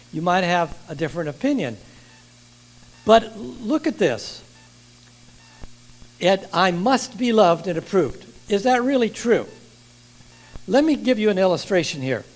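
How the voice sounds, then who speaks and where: An older man preaching a sermon in a church, lively and asking the congregation questions. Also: sits high, low-quality recording.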